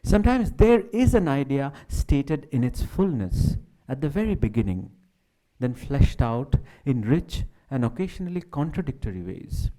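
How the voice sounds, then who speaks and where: Man, academic lecture, declamatory, lively intonation, mellow warm tone. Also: mid-range voice, poor audio. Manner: measured, declamatory delivery with shifting emphasis. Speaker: academic speaker. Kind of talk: reading a prepared talk. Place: symposium hall.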